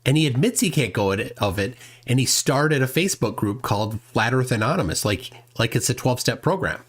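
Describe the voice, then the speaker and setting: A man's voice: mid-range voice, animated, brisk, breathy edge. A man hosting a live stream, reading viewer comments aloud and joking with playful voices. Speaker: host.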